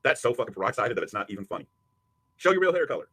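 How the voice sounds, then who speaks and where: Husky, mocking man ranting fast. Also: medium pitch, very animated, sharp tone. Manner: taunting, profane, mocking. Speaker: livestream host. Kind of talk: heated live commentary.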